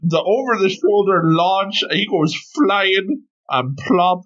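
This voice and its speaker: Man, podcast co-host, quick jokey remarks, fairly high voice, dull lo-fi audio. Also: expressive, fairly bright tone. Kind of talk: casual chat.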